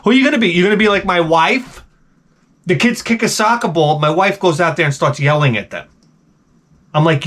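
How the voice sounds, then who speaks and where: A man's voice: sits high, a little fast, fairly bright tone. A man ranting sarcastically while giving comedic advice, swearing a lot and sounding exasperated. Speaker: advice vlogger.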